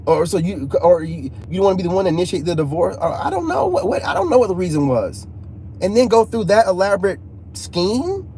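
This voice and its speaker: A man's voice: high voice, big pitch swings, a little fast, mellow. A man telling a personal story to viewers in casual, emphatic talk full of slang and repeats. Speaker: channel host. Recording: faint background noise.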